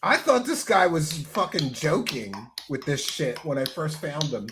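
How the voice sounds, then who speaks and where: A man hosting a livestream, talking in a profane, mocking comedic way and often breaking into shouts. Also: a little high, sing-song, measured pace, noisy background. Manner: loud, mocking, swings into shouting. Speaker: livestream host.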